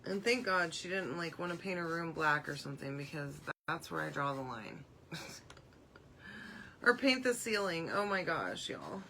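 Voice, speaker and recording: Woman, 40s, crafting demo chat, bright voice, faint hair dryer hum behind. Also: sits low, animated, moderate pace, creaky. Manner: chatty, ends steps with a checking "okay?". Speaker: craft livestream host.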